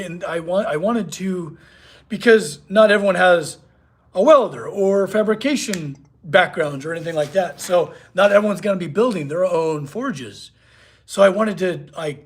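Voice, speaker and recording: Young male blacksmith streamer with a husky, slightly high voice; loose, rambling chat in his workshop. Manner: chatty, rambling, reads chat aloud. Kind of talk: casual live-stream chat. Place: home workshop.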